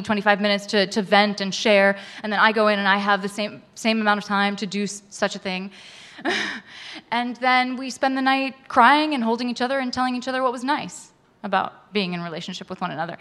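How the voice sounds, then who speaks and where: A woman telling a frank personal story to a live audience, animated and laughing often. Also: medium pitch.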